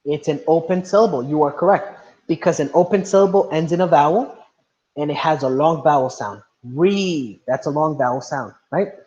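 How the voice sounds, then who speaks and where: A man's voice: fairly high pitch, fairly quick, darkish tone. A male teacher leading a class lesson, patiently asking students questions and now and then slipping into Spanish. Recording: dull lo-fi audio.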